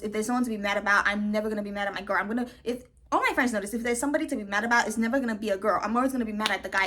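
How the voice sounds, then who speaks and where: Fast, bright-voiced young woman ranting. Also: on the high side. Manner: animated, ranting, fast, says "like" and "okay" a lot. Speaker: reality show recap host. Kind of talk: casual opinionated recap.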